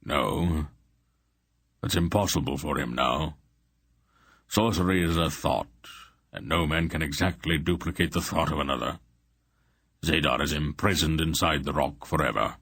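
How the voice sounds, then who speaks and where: A man reading an audiobook, voicing a stern old sorcerer who speaks grimly and in a measured way. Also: rumbling low, gravelly, fairly bright tone, husky, no room sound, studio quality, exaggerated voice. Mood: grim gentle. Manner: grim, measured. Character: ancient stern old male sorcerer, grim.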